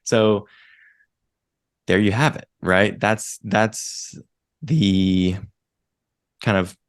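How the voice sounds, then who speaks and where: A young man co-hosting a business podcast, explaining things step by step in a measured way and often checking in with "right?". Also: fairly low pitch, clean tone. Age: young adult. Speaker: podcast co-host. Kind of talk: casual business podcast chat.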